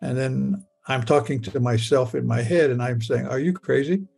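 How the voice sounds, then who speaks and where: An older man recounts a personal experience in the present tense. He stammers and repeats words. His voice is gravelly and husky, and faint music plays softly underneath. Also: mid-range voice, fairly even intonation, moderate pace. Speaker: near-death experience storyteller.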